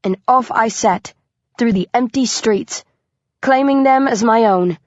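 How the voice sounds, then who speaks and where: A woman reading a first-person audiobook aloud with lively storytelling and a sly, dry humor. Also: fairly high pitch, unhurried, no room sound. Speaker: audiobook narrator. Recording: dull lo-fi dry recording.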